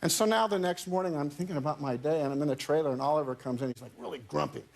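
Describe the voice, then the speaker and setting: A man, a talk show guest, telling a long anecdote in casual chat, halting and often repeating words as he goes. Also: fairly high pitch, vocal fry.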